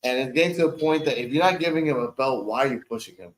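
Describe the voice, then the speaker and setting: A man hosting a casual chat, loose and profane, often trailing off softly. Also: mid-range voice, fast talker, heavy background noise.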